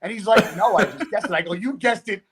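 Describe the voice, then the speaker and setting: A man recounts a story in loose, casual podcast talk. His voice sits a little high, and he rambles, swears constantly and stays animated throughout. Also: quick pace, husky. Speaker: podcast guest.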